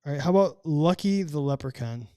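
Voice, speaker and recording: Male podcast host, slightly higher voice, dry close mic, playful questioner. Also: expressive, mellow, no echo. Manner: playful, asks quick questions, reads chat comments. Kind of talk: casual chat.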